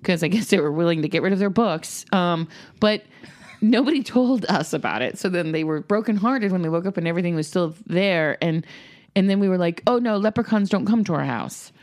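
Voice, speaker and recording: A woman's voice: on the low side, lively intonation, fairly quick, darkish tone. A woman chatting casually as a podcast guest, telling stories animatedly and acting out her kids.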